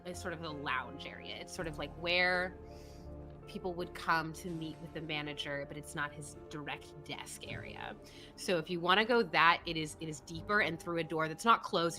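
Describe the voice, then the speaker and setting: A woman narrating as game master of a tabletop game, casual and descriptive. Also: sits low. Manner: casual, descriptive, frequent fillers.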